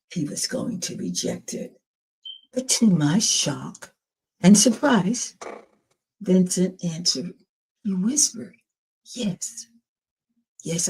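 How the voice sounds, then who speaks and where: Slow, husky-voiced woman sharing testimony. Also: lowish voice, mellow. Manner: earnest, slow storytelling with acted quotes. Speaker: podcast host telling her own story. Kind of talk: personal testimony.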